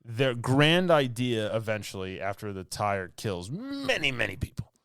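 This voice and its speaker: A man's voice: mid-range voice, very animated, a little slow, fairly bright tone, clear, resonant tone, dry recording, clean studio sound. A man co-hosting a podcast, casually recapping a movie in a rambling, filler-heavy way and laughing often. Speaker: podcast co-host.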